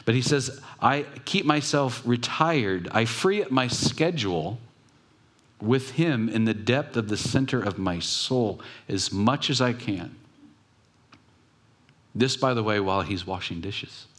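A pastor giving a conversational sermon, telling stories with pauses and restarts. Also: male voice, fairly low pitch, lively intonation.

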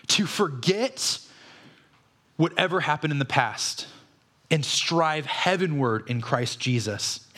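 A man's voice: on the high side, fairly bright tone. A man, a pastor, preaching a conversational sermon full of rhetorical questions.

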